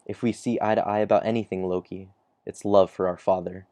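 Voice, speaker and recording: Man, low mellow voice, dry close sound; casual recap reader who chuckles and trails off. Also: flat delivery, fairly quick, dry recording. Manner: chuckles often, trails off mid-sentence. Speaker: comic chapter reviewer. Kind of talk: casual recap reading dialogue aloud.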